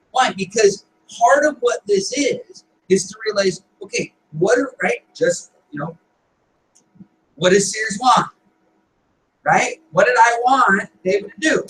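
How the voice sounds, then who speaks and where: A man coaching a group in a meeting, firing off rhetorical questions and checking in with "right?" after his points. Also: very high voice. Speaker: business coach leading a meeting. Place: meeting room. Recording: echoey room, distant mic, faint noise.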